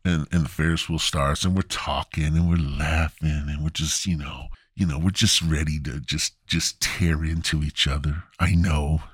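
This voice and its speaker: A man's voice: rumbling low, steady tone, normal speed, few pauses, a bit bright, husky, no echo, studio quality. A man hosting a podcast, telling rambling, crude, self-mocking stories into a podcast mic. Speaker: podcast host. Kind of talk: crude comic storytelling.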